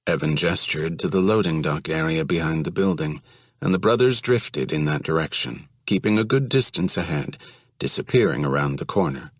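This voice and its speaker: A man reading an audiobook in a steady, even storytelling manner. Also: a bass voice, moderate pace, no echo, studio quality. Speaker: audiobook narrator. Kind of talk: audiobook narration.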